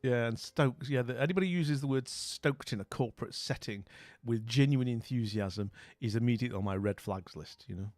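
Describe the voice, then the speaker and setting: A British man streams live, talking casually to viewers in a brisk, mid-range voice with a darkish tone. He rambles and repeatedly trails off into mumbles. It's a dry, close recording with faint music.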